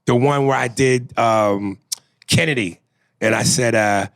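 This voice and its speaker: A podcast co-host reads listener emails aloud, joking and swearing casually and breaking into laughter. His medium-pitched voice is a little slow and creaky, captured as a dry recording with clean studio sound.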